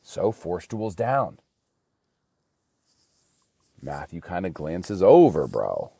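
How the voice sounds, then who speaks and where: A man's voice: low voice, wildly swooping pitch, slow pace, creaky, dark tone, slightly rough, no echo. A man talking in a rambling, slangy casual monologue in a studio, saying bro a lot.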